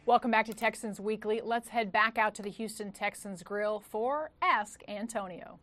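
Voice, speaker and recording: A woman's voice: mid-range voice, moderate pace, fairly bright tone, no echo, faint music behind. Woman doing polished tv sports host links. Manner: polished, promotional. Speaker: show host. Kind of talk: scripted broadcast hosting.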